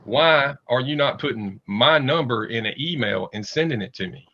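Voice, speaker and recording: A man hosting a stream, loudly taunting and trash-talking a guest. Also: mid-range voice, animated, moderate pace, over a noisy crowd. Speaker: stream host. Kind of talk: loud mocking stream banter. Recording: dull lo-fi stream audio.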